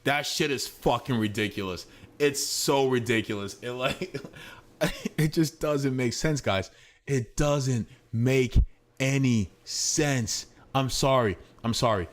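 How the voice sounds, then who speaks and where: A man's voice: medium pitch, takes it slowly. A man commenting casually on a live stream, slangy, blunt, and repeatedly apologizing while he talks. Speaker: streamer reacting to a clip.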